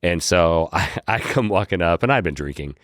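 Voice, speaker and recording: A man, a podcast guest, telling a story in a casual, animated way and acting out his own lines. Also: sits low, moderate pace, dry recording, clean studio sound. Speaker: podcast guest, whiskey brand founder.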